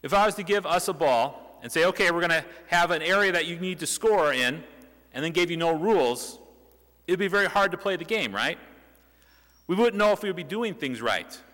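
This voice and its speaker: A young man delivers a sermon with a bright voice, pitched a little above the usual. He keeps it conversational, asking rhetorical questions and restarting his sentences. His words ring out with long reverb in the church hall. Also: expressive, fairly quick. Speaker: preacher. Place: church sanctuary.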